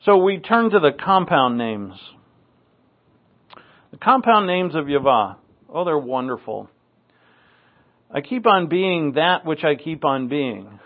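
A man's voice: on the high side, very animated, slow, long pauses. A man from New England preaching a Bible teaching sermon in a conversational, wry way, with asides and dry jokes. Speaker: pastor. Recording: tinny phone-like recording.

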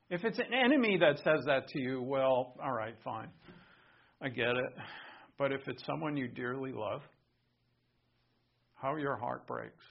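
Gravelly husky male pastor preaching. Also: medium pitch, animated, a little slow, pauses often, highs cut off. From Rhode Island. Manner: conversational, swings between soft and emphatic. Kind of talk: sermon.

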